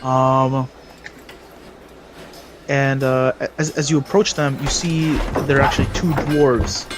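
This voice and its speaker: A man's voice: mid-range voice, steady tone, takes it slowly, very noisy. A man narrating a tabletop game as game master, rambling with many fillers and restarts.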